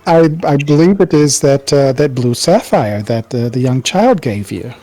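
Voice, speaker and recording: A man's voice: medium pitch, moderate pace, no echo. A man running a tabletop role-playing game as game master, narrating at an easy pace with many ums. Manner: narrates with frequent ums, relaxed.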